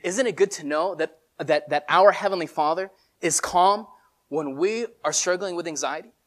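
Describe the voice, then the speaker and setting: A preacher giving a sermon in casual, animated storytelling with many filler words. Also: mid-range voice, moderate pace.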